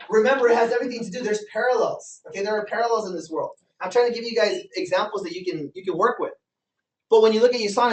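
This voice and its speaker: A man giving an energetic motivational training talk to a live group, often asking the audience questions and repeating himself for emphasis. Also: sits high. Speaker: business trainer. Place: meeting room with a live audience. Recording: echoey room from far off.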